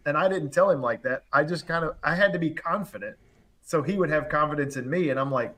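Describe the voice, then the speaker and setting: A man's voice: fairly high pitch, fast, fairly bright tone. A young adult man, an HVAC contractor, casually telling a long story on a live panel show, acting out the voices of the people he quotes.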